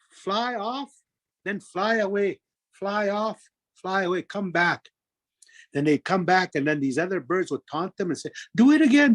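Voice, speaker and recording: A man's voice: sits high, dry recording. A man narrating a traditional folk tale with repetitive, rhythmic phrasing. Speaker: storyteller. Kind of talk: oral folk storytelling.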